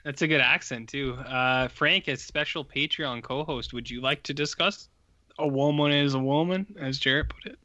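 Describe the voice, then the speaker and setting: A man's voice: medium pitch, normal speed, hardly any pauses, bright, forceful tone, no echo, muffled recording. A man co-hosting a film podcast in casual chat, joking in a wry way. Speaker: podcast co-host.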